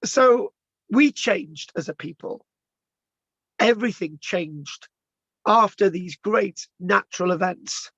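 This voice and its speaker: A man's voice: sits high, lively intonation, takes it slowly, a bit bright, breathy edge, no room sound, muffled recording. A man with a strained, tired voice, giving a rambling informal history talk and stumbling over place names. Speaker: local history presenter.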